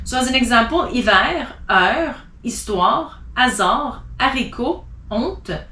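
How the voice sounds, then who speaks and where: Woman French teacher, slow careful delivery, spells out letters, high lively voice, echoey room. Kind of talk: spelling and pronunciation lesson.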